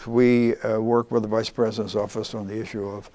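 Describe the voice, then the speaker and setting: Older man, earnest interviewee, halting delivery with frequent restarts. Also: lowish voice, flat delivery, dark tone. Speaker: former congressman, guest.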